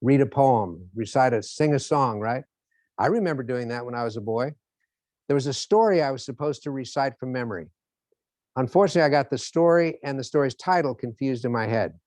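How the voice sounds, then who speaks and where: A man's voice: medium pitch, brisk, no room sound. A man giving a motivational lecture, telling stories and acting out the scenes as he goes. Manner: animated storytelling, acts out scenes. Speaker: motivational speaker.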